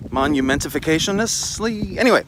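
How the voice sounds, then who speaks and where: A man's voice: on the high side, a bit bright, poor audio. A man vlogging while walking a hiking trail, chatting casually and joking at his own expense into a handheld camera. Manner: joking, rambling, self-mocking. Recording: outdoor wind and traffic noise.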